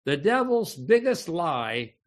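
A pastor preaches a sermon slowly and deliberately, his voice a little higher than most men's, with big pitch swings. He explains each point carefully and keeps asking "okay?" to check his listeners are following.

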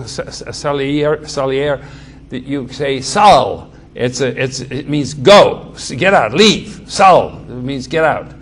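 A male preacher teaching from scripture in a fairly high voice. He speaks emphatically, repeats himself and restarts phrases as he explains. A faint hiss sits under the recording. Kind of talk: sermon, Bible teaching.

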